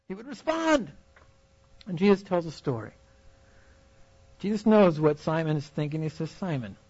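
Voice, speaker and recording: Young male preacher, storyteller, bright high voice with big swings, dry close sound. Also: dry recording, muffled recording. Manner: storytelling, animated, acts out reactions with laughs. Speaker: youth conference speaker. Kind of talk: preaching a sermon.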